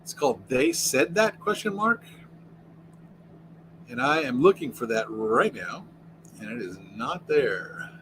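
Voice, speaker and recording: A man's voice: mid-range voice, lively intonation, a little slow, long pauses, fairly bright tone, slight background noise, low-quality recording. Rambling American man hosting a livestream. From United States. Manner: rambling, reads and answers chat aloud. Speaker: livestream host. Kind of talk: casual livestream chat. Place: inside an RV.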